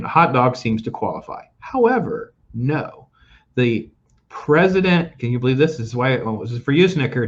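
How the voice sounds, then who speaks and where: An older man with a medium-pitched voice hosts a talk show and goes on opinionated, joking rants about food in a casual chat. The audio sounds dull.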